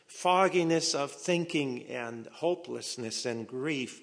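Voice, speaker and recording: The recording, washed in long hall reverb, captures a male pastor with a mid-range voice preaching dramatically. He moves deliberately and slowly, repeats phrases, and shifts between hushed whispers and emphatic high points.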